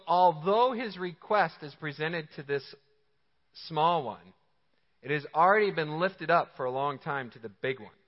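Emphatic preacher in a ringing hall. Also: male voice, on the high side. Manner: energetic, emphatic, conversational preaching. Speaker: pastor. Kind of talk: sermon. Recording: reverberant hall, slightly dull sound.

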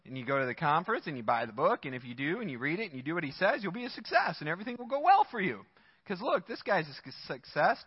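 High-voiced animated male pastor preaching. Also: slightly rough, in a large hall, highs cut off. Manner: animated, acts out quoted voices. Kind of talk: conversational sermon. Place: church sanctuary.

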